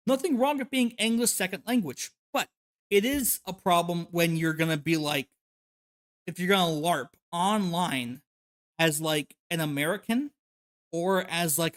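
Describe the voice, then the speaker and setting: A man hosting a livestream, reacting to videos with rapid, profane, exasperated commentary. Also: a little high, fairly bright tone.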